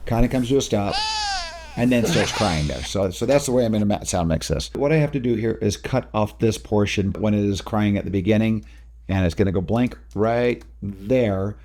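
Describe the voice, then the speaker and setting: Low mellow-voiced man explaining software. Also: moderate pace, slight background noise. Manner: casual, talks through each step while working. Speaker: video editing tutor. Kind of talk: screen-recorded software tutorial.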